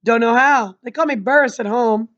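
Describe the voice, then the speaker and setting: Woman playing a sullen defiant schoolboy, blunt, slightly high, lo-fi. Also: moderate pace, fairly bright tone, lightly acted. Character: rude, filthy schoolboy, defiant.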